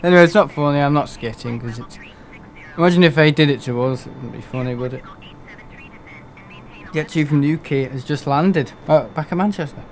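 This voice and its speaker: A young man chats loosely on a live gaming stream, his voice sitting a little high. He rambles from one thought to the next, laughs a lot and pokes fun at himself, with a faint hum of background noise. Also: fairly quick. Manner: rambling and chatty, laughs often, self-mocking. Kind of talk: casual live-stream chat.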